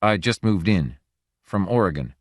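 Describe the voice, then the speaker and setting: A man's voice: deep voice, expressive, moderate pace, slightly rough, no echo, studio quality. A male reader voicing a careful, hesitant stranger who weighs his words. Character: careful, guarded stranger man.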